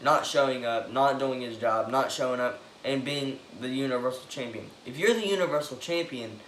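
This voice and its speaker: A man giving an excitable, opinionated monologue, swearing and breaking into loud outbursts. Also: medium pitch, moderate pace, slight background noise. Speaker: wrestling commentator giving predictions. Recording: echoey room with faint ambience.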